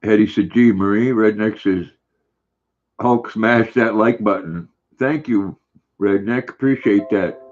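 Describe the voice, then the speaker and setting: An older man hosting a casual livestream, reading viewer comments aloud in a relaxed, friendly, chatty way. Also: fairly low pitch, a little slow. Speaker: livestream host. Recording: dull lo-fi stream audio.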